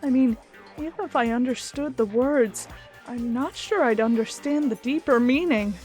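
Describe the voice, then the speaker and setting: A woman streamer reading a visual novel game aloud in an expressive, puzzled way. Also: sits high, normal speed, faint music behind. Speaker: let's play streamer.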